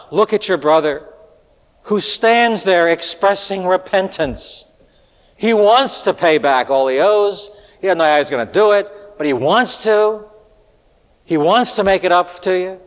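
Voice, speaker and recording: Male preacher, earnest and rhetorical, somewhat high voice, echoey hall. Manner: earnest, rhetorical, swings between loud appeals and hushed lines. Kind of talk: sermon. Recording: echoey hall with long reverb.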